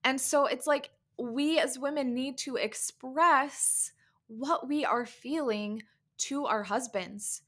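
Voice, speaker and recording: A woman's voice: sits high, slow pace, a bit bright. A woman in her thirties hosting a podcast, giving a candid, conversational talk to mothers and often saying "like" and "right?". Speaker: podcast host and coach. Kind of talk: casual podcast monologue.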